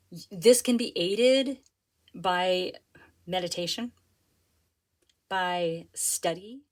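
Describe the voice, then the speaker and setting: A woman with a lowish voice reads tarot cards for her viewers. She is earnest and eager, gets carried away, and breaks off to find a better word. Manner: earnest and excitable, often stops to rephrase. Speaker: tarot reader. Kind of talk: pick-a-card tarot reading to camera.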